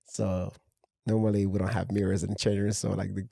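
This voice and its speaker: A man, a fashion house founder, telling a lively anecdote in a casual interview. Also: fairly low pitch, brisk, gravelly, dry recording, studio quality. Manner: animated anecdote telling with fillers. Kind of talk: casual storytelling chat.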